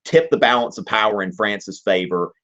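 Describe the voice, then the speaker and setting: A man hosting a live history Q&A, explaining in an animated, joking, digressive way. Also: on the low side, moderate pace. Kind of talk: casual live-stream lesson. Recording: dull lo-fi stream audio.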